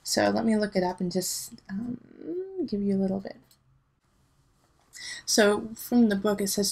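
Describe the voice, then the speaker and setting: A woman's voice: medium pitch, fairly even intonation, a little slow, creaky, pauses often, darkish tone, slightly rough, low-quality recording. A woman in her thirties giving a casual monthly tarot reading, chatty and emotional, talking straight to her viewers. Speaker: tarot reader.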